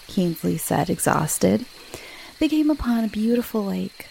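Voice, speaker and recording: A woman's voice: medium pitch, big pitch swings, measured pace, gravelly, warm tone, a little hiss or hum. A woman reading a child's written story aloud with dramatic expression.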